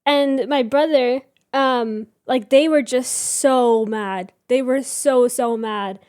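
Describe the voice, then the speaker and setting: High-voiced giggly woman in her thirties. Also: takes it slowly, darkish tone, clear, resonant tone, no room sound, studio quality. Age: 30s. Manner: chatty, giggly, reads chat aloud. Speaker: livestream host. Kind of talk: casual chat with viewers. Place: home room with reading chair.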